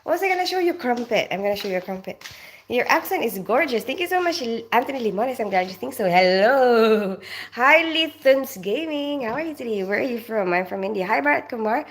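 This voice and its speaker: A woman raised in the Philippines chats casually on a live stream from her home in North London, reading comments aloud and greeting viewers by name. Her voice is a little high, expressive and brisk, and she laughs often.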